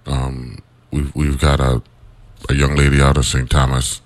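Very deep-voiced male interviewer, halting. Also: flat delivery. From St. Croix, US Virgin Islands. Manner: measured, halting, repeats words as he gathers thoughts. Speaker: interview host. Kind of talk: casual interview chat.

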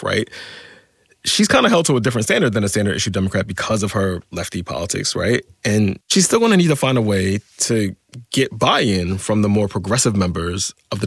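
A man's voice: on the low side, vocal fry, a bit bright, breathy edge, dry recording, studio quality. A man hosting a casual podcast conversation, posing questions and checking in with "right?".

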